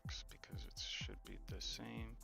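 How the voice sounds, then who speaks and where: A man's voice: on the low side, flat delivery, a little slow, creaky, in a whisper, over music. A man casually talking through his coding work to live viewers, thinking aloud, muttering and joking with his chat. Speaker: game developer streaming his work.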